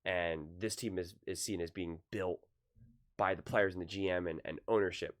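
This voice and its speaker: A man in a casual sports opinion monologue, animated, repeating himself and firing off rhetorical questions. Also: low-pitched, normal speed. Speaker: sports commentator.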